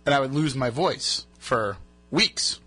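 A man's voice: medium pitch, lively intonation, slow pace, pushed and bright, breathy edge. A man hosting a radio show, telling rambling stories in casual banter, his voice just back from being lost. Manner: chatty, rambling storyteller. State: recovering from a lost voice.

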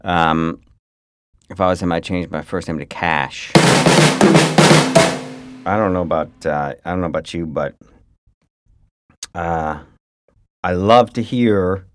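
A man's voice: sits low, takes it slowly, pauses often, slight background noise. A man co-hosting a podcast in casual chat, sarcastic, joking and swearing freely. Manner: profane, sarcastic, jokey. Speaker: podcast co-host.

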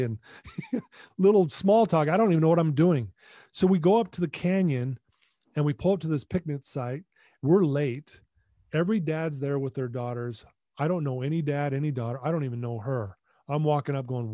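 Guy telling his story on a podcast, kinda high voice but mellow, super animated, dry close sound. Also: fairly quick, no room sound. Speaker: podcast guest. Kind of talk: personal storytelling.

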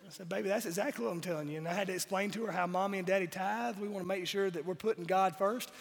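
A man, preaching a sermon with a high, gravelly voice. He keeps pressing the congregation with emphatic rhetorical questions. A long reverb trails his words through the church sanctuary. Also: fast talker. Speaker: pastor.

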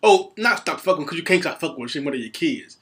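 A man co-hosting a casual, profane chat, laughing loudly and often. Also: a little high, lively intonation, fast talker.

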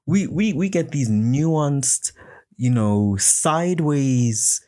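A man with a mellow, slightly high voice speaks animatedly, drawing out his words. On his own podcast, he delivers a rambling, heated solo rant off the cuff, full of swearing and mocking impressions of others.

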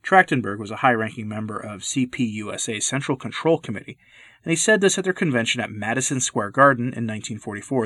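A man hosting a podcast, reading scripted commentary in an earnest, measured, lecturing way. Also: medium pitch, fairly bright tone, dry recording. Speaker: podcast host. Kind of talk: scripted commentary read aloud.

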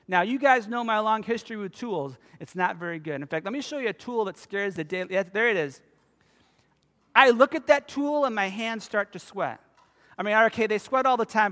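A man in his fifties preaching a sermon as a pastor, telling stories with animated emphasis. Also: high voice. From United States. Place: church sanctuary. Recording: long reverb of a church hall.

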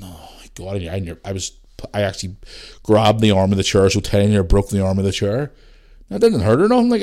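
A man in his thirties with a Northern Irish accent, telling stories animatedly on his podcast. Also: fairly low pitch. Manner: animated storyteller, swears mildly, acts out voices in anecdotes. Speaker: podcast host. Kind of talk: casual storytelling monologue.

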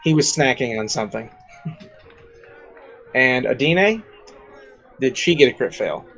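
A man narrating as game master in a tabletop game, relaxed and laughing, thinking aloud with fillers as he goes. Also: medium pitch, measured pace, faint music behind, rough recording.

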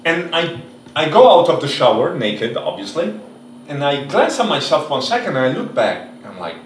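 A man from Italy telling stories in a casual chat, animated and swearing often, acting out the voices of other people. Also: fairly high pitch, moderate pace, reverberant, recorded from a distance, slight background noise. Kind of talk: casual storytelling.

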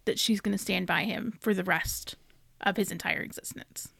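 A woman co-hosts a casual book podcast, her voice sitting at an ordinary middle pitch. She talks in a thoughtful, earnest way, and the recording is close and dry with no room sound. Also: normal speed, creaky, a bit bright, no room sound. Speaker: podcast co-host.

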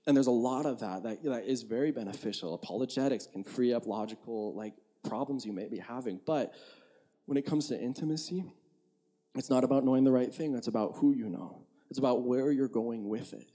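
A man's voice: mid-range voice, fairly quick, mellow. A young man preaching a casual, conversational sermon as a pastor, filling his talk with "like" and laughing at himself.

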